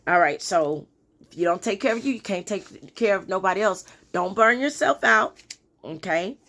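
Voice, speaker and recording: A woman talking casually as a spiritual life coach, giving a daily energy reading in a chatty way and bursting into excited outcries now and then. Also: medium pitch, moderate pace.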